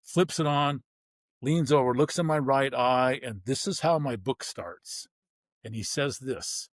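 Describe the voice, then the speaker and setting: A man's voice: medium pitch, unhurried, no room sound. A man telling his story bluntly in an interview, acting out the people he quotes. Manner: vivid, blunt storytelling with acted-out dialogue. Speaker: guest, former pro football player.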